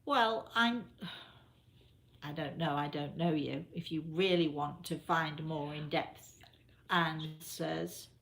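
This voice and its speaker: An older woman, a spiritual medium, chatting casually and repeating herself as she gently advises viewers in a live question session. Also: deep voice, takes it slowly, gravelly, slight background noise.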